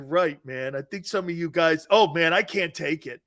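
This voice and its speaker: Middle-aged man, sports talk host, high voice, animated self-mocking stories. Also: moderate pace, few pauses. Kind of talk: casual sports talk show.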